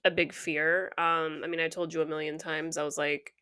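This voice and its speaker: Lower-pitched woman co-host, hesitant. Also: little pitch movement, moderate pace, pushed and bright, clean tone. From United States. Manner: asks questions, hesitant, repeats herself. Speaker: podcast co-host. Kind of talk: casual podcast chat.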